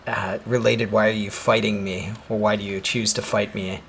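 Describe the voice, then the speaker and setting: A man's voice: lowish voice, flat delivery, moderate pace, vocal fry, a little hiss or hum. A man hosting a let's play, casually retelling game dialogue in his own loose words, full of fillers. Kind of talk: casual gameplay commentary. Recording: loud game music underneath.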